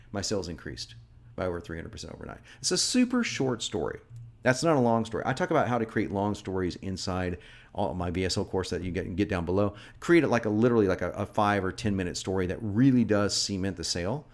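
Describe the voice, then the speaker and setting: A middle-aged man teaching marketing, reading lines from his own sales script aloud and critiquing them in a lively way, often chuckling. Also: fairly low pitch. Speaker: marketing instructor.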